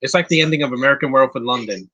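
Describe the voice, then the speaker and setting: A man's voice: medium pitch, very fast, sharp tone, muffled recording. A man giving casual live commentary on a movie, answering chat questions bluntly with frequent restarts and fillers. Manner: opinionated, blunt, insulting.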